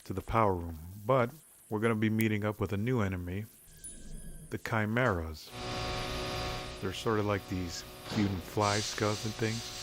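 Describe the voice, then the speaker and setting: A man giving relaxed, rambling commentary over his gameplay, with many fillers. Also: lowish voice, normal speed, background noise. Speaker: let's play commentator. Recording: game music playing behind. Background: game music.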